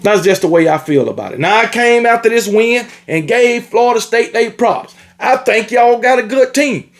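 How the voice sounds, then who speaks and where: A man's voice: extremely high pitch, lively intonation, moderate pace. A man ranting about college football, scolding and repetitive, with casual swearing. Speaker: sports commentator. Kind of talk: ranting sports opinion monologue.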